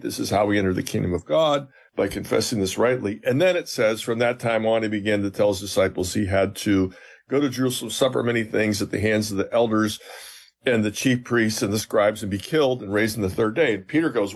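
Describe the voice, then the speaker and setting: A man's voice: medium pitch, animated, normal speed, creaky, husky. A middle-aged man, a professor of biblical theology, explains scripture in an interview, earnestly acting out quoted dialogue.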